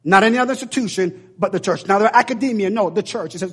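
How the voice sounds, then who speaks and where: A man's voice: high-pitched, quick pace, hardly any pauses, breathy edge. A man preaching a sermon in an emphatic, repetitive, preacherly way.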